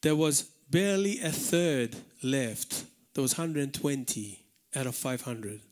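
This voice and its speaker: A man's voice: mid-range voice, measured pace, darkish tone. A man preaching a live sermon in church, earnest and emphatic, repeating words for stress. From Malta. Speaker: pastor. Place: church hall, live service.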